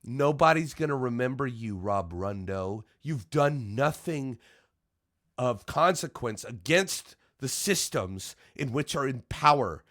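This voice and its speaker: A man giving heated, profane reaction commentary, dropping to low mutters and then shouting, stammering over his words when worked up. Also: lively intonation, slow. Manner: stammering restarts when agitated. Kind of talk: angry ranting commentary.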